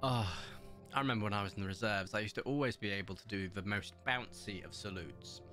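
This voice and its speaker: A man's voice: lowish voice, fairly quick, pushed and bright, faint music behind. A man, hosting community games on a live stream and chatting casually in a rambling, anecdotal way. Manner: rambling and anecdotal, with many fillers.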